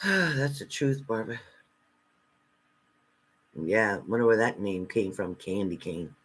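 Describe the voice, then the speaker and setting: A man's voice: expressive, slow pace, breathy edge. Blunt, combative male live-streamer. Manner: blunt and confrontational, talking back to commenters; swings between loud outbursts and low muttered asides. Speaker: live-stream host and spiritual reader. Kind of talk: casual live-stream chat, reading out viewer comments.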